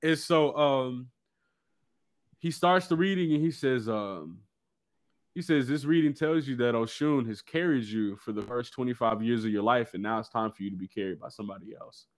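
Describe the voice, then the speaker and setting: A man telling a personal story in casual chat, animated and slangy. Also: medium pitch, moderate pace. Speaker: guest.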